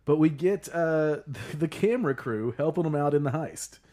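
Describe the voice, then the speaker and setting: A man's voice: on the high side, expressive, moderate pace, dark tone. A man co-hosting a podcast, chatting casually and rambling through his points. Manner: rambling, laughs often, many fillers. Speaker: podcast co-host. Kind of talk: casual chat.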